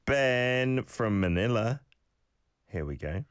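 A man hosting a radio language lesson, encouraging listeners and modelling phrases with lively emphasis. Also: medium pitch, slow, smooth, no room sound, studio quality. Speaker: radio host teaching Korean phrases.

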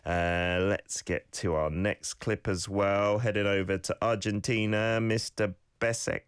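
A man's voice: fairly low pitch, fairly even intonation, slow, clear, resonant tone, no room sound, clean studio sound. A man hosting a radio language lesson, coaching listeners on their pronunciation with friendly feedback. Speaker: radio host teaching Korean.

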